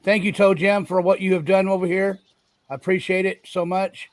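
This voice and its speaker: High-voiced man reading out donations. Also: little pitch movement, moderate pace, no room sound. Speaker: livestream panelist reading donations. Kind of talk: casual chat.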